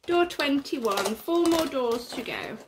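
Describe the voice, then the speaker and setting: A woman's voice: sits high, expressive, slow pace. A woman giving casual unboxing commentary, gushing and often gasping with delight. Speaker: unboxing vlogger. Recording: plastic crinkling noise behind.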